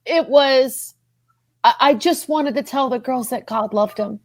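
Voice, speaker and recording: An earnest woman gives a heartfelt personal testimony on a podcast. Her voice sits a little high and climbs further as she is moved, and she circles back over her own words. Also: unhurried, no room sound. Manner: earnest, repeats herself, voice rises when moved. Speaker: podcast guest.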